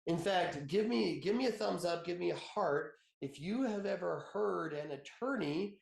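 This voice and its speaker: A man's voice: a little high, lively intonation, a little fast, creaky, hardly any pauses, echoey room. A man in his thirties, an attorney giving a conversational webinar, chatty and joking, telling personal stories and laughing often.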